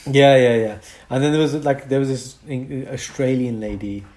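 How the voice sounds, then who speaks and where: A man's voice: mid-range voice, moderate pace, a little mellow. A man co-hosting a casual podcast, explaining medical conditions and chuckling between points.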